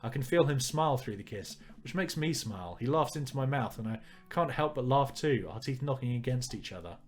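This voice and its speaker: A man's voice: medium pitch, animated, a little fast, faint music behind. Wry man reading a game aloud. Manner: wry, joking asides. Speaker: let's player. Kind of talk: reading a visual novel aloud with commentary.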